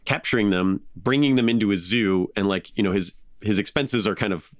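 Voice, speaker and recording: A man hosting a podcast, telling a story in casual chat, animated with frequent laughs and fillers. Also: fairly low pitch, a little fast, no echo, studio quality. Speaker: podcast host.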